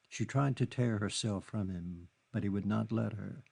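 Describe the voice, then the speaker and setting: A man narrating a literary novel in a measured, steady reading. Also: on the low side, gravelly, husky. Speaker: audiobook narrator.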